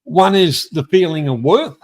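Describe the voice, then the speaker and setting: A man's voice: a little high, a little slow, a little mellow. A man in his sixties with an Australian accent, rambling and swearing with many restarts as he hosts a livestream chat. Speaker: host. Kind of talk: casual chat. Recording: livestream video call.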